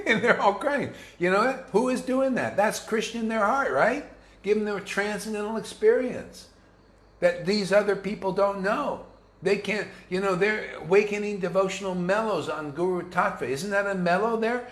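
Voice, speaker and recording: A man's voice: high voice, expressive, normal speed, a bit bright, reverberant. A man preaching an informal devotional sermon to his students, blunt and combative, full of slang and restarts. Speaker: spiritual teacher.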